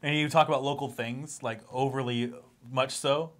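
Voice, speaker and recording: A man's voice: medium pitch, steady tone, normal speed. A man co-hosting a casual pop-culture podcast, rambling through stories, restarting sentences and laughing at his own jokes. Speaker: podcast co-host.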